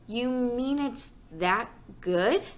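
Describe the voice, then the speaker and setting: A woman's voice: fairly high pitch, lively intonation, very slow. A woman voicing a skeptical young boy who is polite to his father. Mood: doubtful. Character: doubtful young boy, the older brother.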